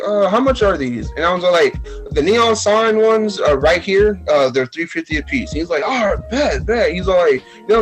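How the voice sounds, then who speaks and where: Animated young man with a Texas accent. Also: high voice, low-quality recording. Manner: animated, acts out quotes, many fillers and restarts. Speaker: podcast guest. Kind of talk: casual storytelling chat.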